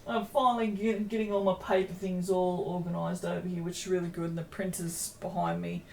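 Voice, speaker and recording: A woman's voice: fairly low pitch, completely flat delivery, a little fast, creaky, mellow, slight background noise. Tired, rambling woman vlogger. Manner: chatty, self-deprecating, lots of ums and tangents. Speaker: small business owner updating viewers. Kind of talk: rambling casual chat to camera. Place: home craft room.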